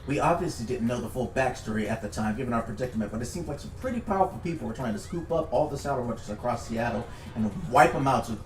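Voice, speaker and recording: A man recapping a tabletop game story to friends over voice chat, casual and animated, swearing at times. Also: medium pitch, fast, few pauses. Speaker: streamer recounting a tabletop campaign. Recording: echoey room sound.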